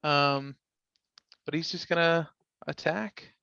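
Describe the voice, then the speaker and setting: A man's voice: on the high side, steady tone, slow pace, creaky, bright, forceful tone, smooth, dry recording, dull audio. A man playing a tabletop game, describing his character's moves hesitantly with many fillers. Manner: hesitant, lots of uh and um. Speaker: player. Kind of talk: casual chat.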